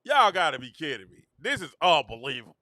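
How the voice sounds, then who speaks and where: A man hosting a sports reaction show, ranting excitably, addressing viewers directly and often breaking into shouts and laughter. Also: a little high, fast talker, no room sound, clean studio sound. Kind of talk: animated sports reaction rant.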